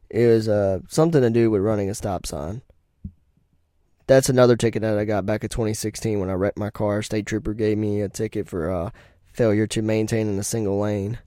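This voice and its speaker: Young man, blunt and crude, mellow tone, dry close recording. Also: on the low side, dry recording. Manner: blunt, profane, laughs at own stories. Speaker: podcast host. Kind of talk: casual profane storytelling.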